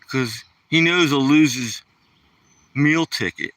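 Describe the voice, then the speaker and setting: A man's voice: medium pitch, expressive, a little slow, long pauses, bright, forceful tone, no room sound, far from the mic. A man chatting casually while walking his dog outdoors, rambling and joking to the dog and the camera. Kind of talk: casual vlog chat.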